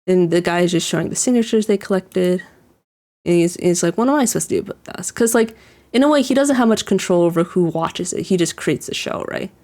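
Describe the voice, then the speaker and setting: Warm-toned and on the low side, her voice moves at a brisk pace while she chats casually about an anime episode. The commentary rambles, packed with "like" and restarts, and she chuckles when describing scenes.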